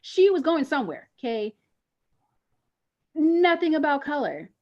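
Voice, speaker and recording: Woman cohost arguing her point casually, higher voice, lo-fi audio. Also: sing-song, measured pace. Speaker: podcast co-host. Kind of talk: casual panel chat. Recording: lo-fi online call audio.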